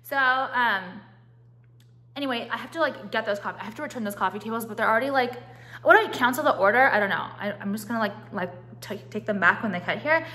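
A young woman with a bright, sharp voice pitched a little high chats to her phone camera at home. She swears freely and piles up "like" and restarts. Her talk is loose, opinionated and unscripted. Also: quick pace. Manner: chatty, profane, full of "like" and restarts. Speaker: vlogger. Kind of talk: casual vlog chat. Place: at home, walking through rooms.

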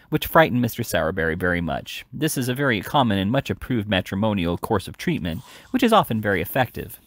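A man reading a classic novel aloud in an unhurried, lively way, with small slips and restarts. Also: on the low side, creaky, no echo, clean studio sound. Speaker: reader.

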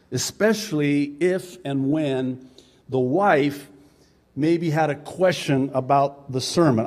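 A man preaching a sermon as pastor, talking with joking asides and loud mimicked quotes. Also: medium pitch.

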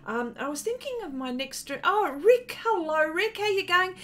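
Chatty Australian woman, high voice. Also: big pitch swings, moderate pace, fairly bright tone. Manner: chatty, greets viewers by name, many fillers. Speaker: art livestream host. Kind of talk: casual livestream chat.

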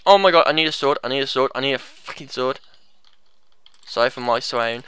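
Man, gameplay commentary, panicked yelling, swearing, bright crisp voice, dry close sound. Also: a little high, quick pace, no echo.

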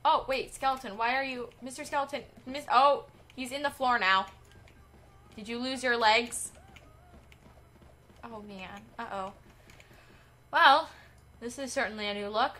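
A young woman giving excitable, giggly commentary while playing a video game. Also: fairly high pitch, a little slow, pauses often. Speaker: game streamer. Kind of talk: casual gameplay commentary. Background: faint game music.

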